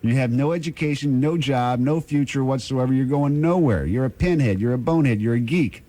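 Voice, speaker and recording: A man's voice: medium pitch, brisk, dark tone. A man co-hosting a crude comedy radio show, brash and insulting to callers, with many fillers. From Southern California. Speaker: radio co-host.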